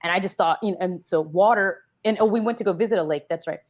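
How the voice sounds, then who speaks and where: A woman's voice: fairly low pitch, fast talker, highs cut off. A woman co-hosting a live online event, chatting casually and playfully, reading out audience locations in a DJ-like way. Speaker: event co-host. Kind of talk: casual live-stream chat. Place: Minneapolis.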